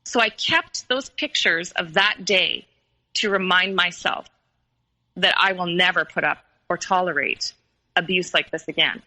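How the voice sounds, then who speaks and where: A woman's voice: fairly low pitch, unhurried, sharp tone, rough recording. A woman recounting a painful personal story in an interview, hesitant and full of fillers and restarts. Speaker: guest telling her story.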